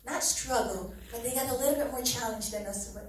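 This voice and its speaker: A woman's voice: on the high side, brisk. A middle-aged woman giving an earnest, heartfelt church testimony, often laughing as she speaks. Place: church hall. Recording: very echoey hall, mic from far off.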